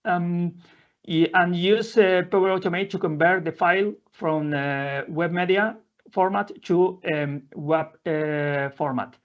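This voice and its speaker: A man presenting a live software demo in non-native English, halting often with fillers and restarting his sentences. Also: high voice. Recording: dull lo-fi audio.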